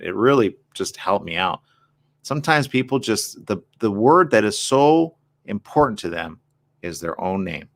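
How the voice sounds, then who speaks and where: A man's voice: on the low side, fairly bright tone. A man hosting a morning show, talking candidly and reflectively in a personal monologue, often asking rhetorical questions.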